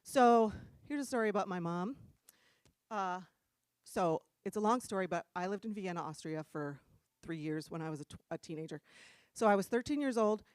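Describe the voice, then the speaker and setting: Middle-aged woman preacher from New Jersey: chatty, animated, dry close sound. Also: medium pitch, moderate pace, smooth, no echo. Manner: animated, self-deprecating, laughs often. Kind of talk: casual storytelling sermon. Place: church room.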